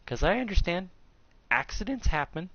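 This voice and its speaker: A man in his thirties telling a crude, joking story in casual chat, animated and a bit coarse. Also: sits high, normal speed, no echo. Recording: slightly dull recording.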